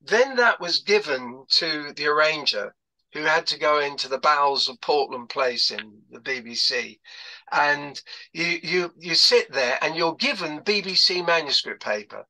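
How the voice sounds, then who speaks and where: A man's voice: fairly high pitch, expressive, a little slow, bright, forceful tone, rough recording. An older man telling stories about his past career on a video call, rambling with lots of fillers and restarts. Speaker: guest speaker. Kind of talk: anecdotal talk on a video call.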